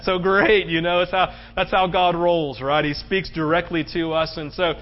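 A male pastor from the United States delivers a relaxed, conversational sermon. His voice sits high, and he leans on rhetorical questions to keep the crowd with him. The recording sounds a bit dull and muffled. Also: moderate pace.

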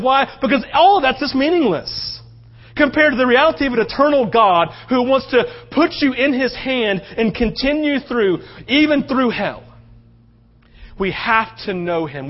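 A man preaching a sermon as pastor, passionate and swinging between loud outbursts and hushed stretches. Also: extremely high pitch, lively intonation, moderate pace, lo-fi sound.

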